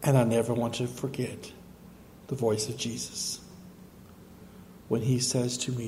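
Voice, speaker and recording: A male pastor delivering a sermon, speaking gently and slowly, with moments of rising fervent emphasis. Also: medium pitch, flat delivery, in a large hall, a little hiss or hum. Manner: soft, slow, then rising to fervent emphasis. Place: church sanctuary.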